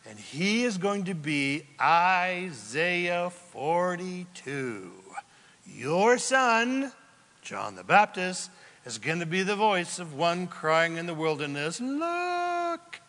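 A man preaching a sermon as a pastor, telling the story in a lively, joking way and acting out the quotes. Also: fairly high pitch, slow pace. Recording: long hall reverb from a large room.

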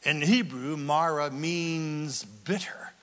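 A man preaching a sermon, animated and casual, acting out Bible scenes in everyday voices. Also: fairly high pitch, slow, in a large hall. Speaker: pastor.

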